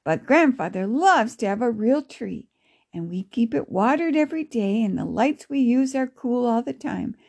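A woman voicing a kindly grandmother who talks in a gentle, encouraging way. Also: a little high, expressive, moderate pace, creaky, breathy edge, full character voice. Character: kindly, warm-hearted grandmother.

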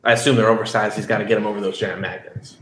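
A man's voice: fairly low pitch, flat delivery, very fast, fairly bright tone. Man player, joking, echoey room. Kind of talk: casual chat in a tabletop game. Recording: echoey room with faint noise.

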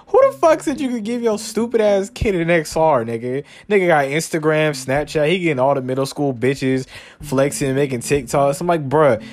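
A man's voice: on the high side, normal speed. A young man hosting a podcast, ranting comedically with heavy swearing and mocking voices. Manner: animated, swearing, mock-quoting people in a raised voice. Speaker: podcast host. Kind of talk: profane comedic rant.

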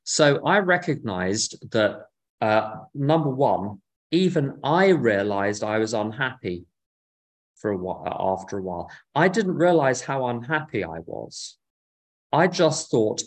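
A man's voice: medium pitch, lively intonation, a little slow. A man in his fifties, speaking from an office, who shares his own experience in a wry, reflective way with dry humorous asides. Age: 50s. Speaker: recovery meeting speaker. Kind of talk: personal talk sharing his experience.

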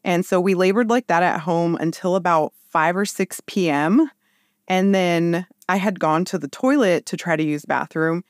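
A woman in her thirties telling a personal story in casual chat, with lively, animated quoted voices. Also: lowish voice, moderate pace, no echo, clean studio sound. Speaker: podcast guest.

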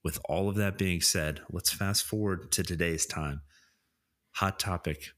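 A man co-hosting a podcast, steadily and deliberately leading a casual discussion. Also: sits low, a bit bright. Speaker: podcast co-host. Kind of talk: casual chat, explaining political topics.

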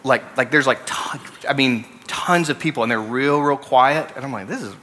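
A man's voice: medium pitch, moderate pace, sharp tone. A young man from Alabama with a Southern accent, preaching a casual, story-driven sermon full of fillers and restarts. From Alabama, USA. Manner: conversational, many fillers and restarts.

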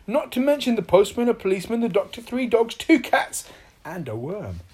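A woman's voice: a little high, sing-song, moderate pace, darkish tone, breathy edge. A woman reading a children's story aloud in a playful, sing-song way.

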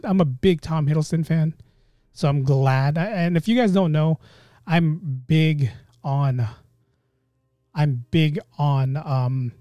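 A man hosting a casual solo podcast, talking in an animated, rambling way and often cutting himself off mid-thought. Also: on the high side, slow, dry recording, studio quality. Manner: animated, rambling, self-interrupting. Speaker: podcast host.

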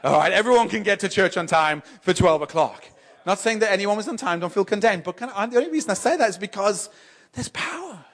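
A man preaching a sermon in church, emphatic and repetitive, stammering on restarts and swinging between loud exhortation and soft, slow moments. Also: sits high, animated. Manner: emphatic, repeats and builds phrases, stammers on restarts.

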